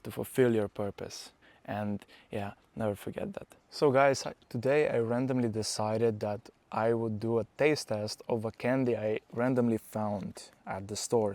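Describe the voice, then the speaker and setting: A man's voice: mid-range voice, darkish tone, dry recording. Earnest young man vlogging to camera. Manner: earnest, unpolished, with fillers and restarts. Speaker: powerlifting vlogger. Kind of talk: casual vlog talk to camera.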